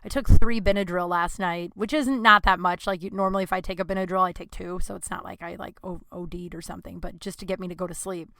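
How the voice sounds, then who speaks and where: Podcast host, young woman, bright crisp voice, dry close mic, emotional rambling monologue. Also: lowish voice, steady tone, quick pace, hardly any pauses, dry recording. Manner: emotional, rambling, swears freely, voice swings up when upset. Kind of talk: casual personal podcast monologue.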